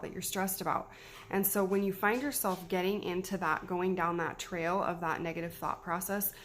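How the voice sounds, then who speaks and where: A mom in her thirties talks to the camera, offering self-care tips in a chatty, encouraging way and repeating herself. Her voice is lowish, and the recording carries a slight hiss or hum.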